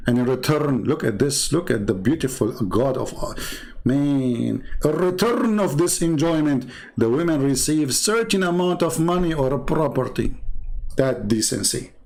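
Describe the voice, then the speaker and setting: A man with an Arabic accent speaks in a mid-range voice, neither high nor low. He delivers sarcastic commentary as a channel host. He drops into low, muttered asides and then jumps up into high, mocking exclamations. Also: a little mellow. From Middle East. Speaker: Christian apologist channel host.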